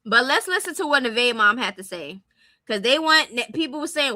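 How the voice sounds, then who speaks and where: High, bright-voiced outspoken young woman. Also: expressive, fairly quick, no echo. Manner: blunt, opinionated, speaks directly to viewers. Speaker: commentary streamer. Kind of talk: casual commentary on celebrity gossip.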